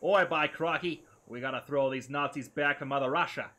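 Brash Aussie bloke, loud and jokey, a man doing a bad put-on accent. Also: mid-range voice, fast talker, slightly rough. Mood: blustering. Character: brash over-the-top Australian bloke.

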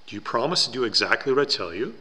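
A man voicing a calm, wise minister who gives measured advice. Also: medium pitch, long reverb tail.

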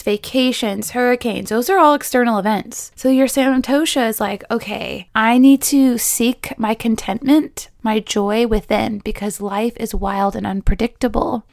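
Lively woman teaching a casual lesson. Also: on the high side, no echo, clean studio sound. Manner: lively and chatty, laughing often; slips into playful quoted voices. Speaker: yoga teacher and podcast host.

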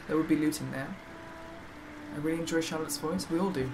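A woman's voice: sits low, a little fast, background noise. A woman helping a friend through a game on a live stream, teasing her, greeting viewers and giving tips. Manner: playful, teasing, greets chat and gives tips. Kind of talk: casual live-stream chat.

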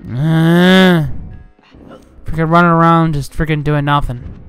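A young man giving casual, rambling commentary over a game he is playing, getting frustrated and yelling at enemies. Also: fairly high pitch, steady tone, slow pace, smooth. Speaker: gaming channel host. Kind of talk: casual let's play commentary. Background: game music.

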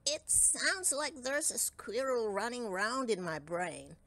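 A woman's voice: a little high, animated, takes it slowly, pushed and bright, voice pushed up, full character voice. A woman reading aloud and voicing a brave but easily startled male gnome who exclaims and moans, with faint music behind.

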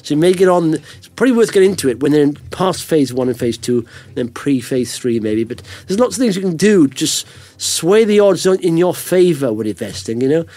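A man's voice: on the high side, animated, fairly quick, few pauses, dark tone, no room sound. A man hosting a markets podcast, chatting casually and reading a roundup of stocks with jokey, rambling asides. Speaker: podcast host.

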